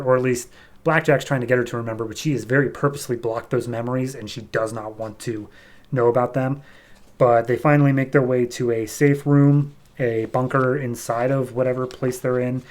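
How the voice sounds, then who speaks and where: A man hosting a comic book podcast, recapping an issue in a relaxed, chatty way and briefly acting out characters' lines. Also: medium pitch.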